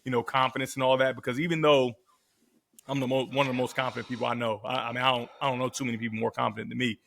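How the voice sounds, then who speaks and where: A man in his thirties, a podcast guest and former quarterback, telling stories in a casual, slangy, animated way. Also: medium pitch, very fast, creaky, a little hiss or hum. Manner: animated, slangy storyteller who acts out quotes. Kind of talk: casual storytelling.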